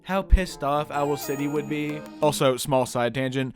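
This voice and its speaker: A young man doing a sarcastic commentary vlog with mocking, deadpan asides. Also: a little high, moderate pace, few pauses, faint music behind. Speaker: video creator.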